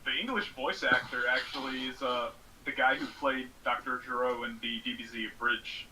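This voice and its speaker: A man's voice: mid-range voice, fairly even intonation, normal speed, bright, forceful tone, rough recording. A man in casual podcast chat, speaking hesitantly with frequent fillers. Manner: hesitant, full of fillers and restarts. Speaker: podcast guest.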